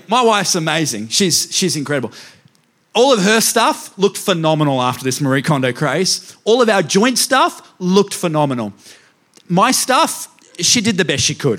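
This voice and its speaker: A man's voice: fairly high pitch, a bit bright. A man pastor giving a humorous sermon in a church, self-mocking and speaking directly to the congregation. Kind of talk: humorous sermon with personal stories.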